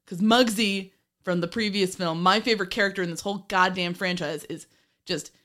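A woman's voice: medium pitch, fairly even intonation, a little fast, a bit bright. A woman co-hosting a podcast, chatting casually about an old film, laughing often and swearing now and then. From Ireland. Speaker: podcast co-host.

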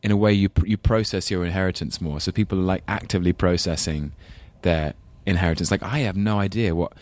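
A man's voice: sits low, steady tone, fast talker, darkish tone, no echo. A man with an English London accent, a guest on a talk show, chatting in a thoughtful, rambling way and laughing easily. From England. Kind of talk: casual chat.

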